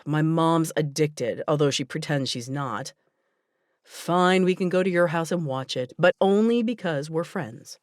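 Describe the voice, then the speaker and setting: A woman's voice: low-pitched, lively intonation, unhurried, dry recording, clean studio sound. Woman voicing a teasing teenage boy. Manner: teasing, wisecracking.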